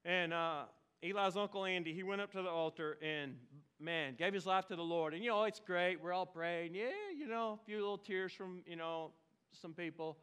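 A man from Oklahoma, preaching a lively, storytelling sermon with sudden bursts of shouting. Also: high voice, moderate pace, smooth. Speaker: pastor.

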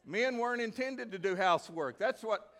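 Animated high-voiced male pastor preaching. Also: normal speed, a little hiss or hum. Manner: animated, acts out voices and asks the congregation questions. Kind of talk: sermon.

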